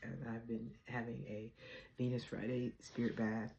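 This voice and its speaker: A woman hosting her own chat vlog from home, talking fast and bubbly about spiritual topics and laughing often. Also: rumbling low, level tone, creaky, noisy background. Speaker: vlog host. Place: home apartment.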